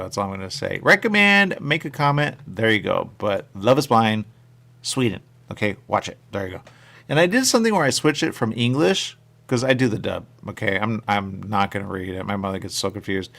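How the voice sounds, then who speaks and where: A male radio host talks in a loose, rambling way and keeps repeating his pet phrases. His voice sits low with a gravelly edge, yet it swoops up and down with lively animation. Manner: repetitive, animated, catchphrase-heavy. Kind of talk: rambling casual chat. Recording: radio studio mic.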